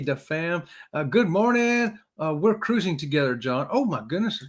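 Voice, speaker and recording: A man's voice: a little high, expressive, moderate pace, hardly any pauses. A man hosting a casual live-stream chat, jokey and talkative, greeting viewers by name.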